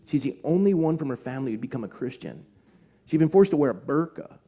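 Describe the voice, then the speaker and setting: Male pastor, mellow tone, earnest sermon storytelling, slows to hushed emphasis for key points. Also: on the high side. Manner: earnest, shifts from animated retelling to slow hushed emphasis. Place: church.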